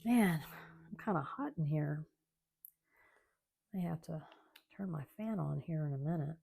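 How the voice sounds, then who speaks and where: Woman host, low and gravelly, mellow tone, chatty craft vlog. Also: unhurried. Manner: chatty, rambling, soft-spoken. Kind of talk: casual chat while crafting. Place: home craft room.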